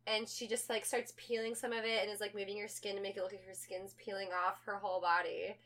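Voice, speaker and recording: A woman co-hosting a podcast, telling a story in animated casual chat and acting out the people in it. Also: medium pitch, quick pace. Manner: animated storytelling, acts out voices, laughs. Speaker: podcast co-host.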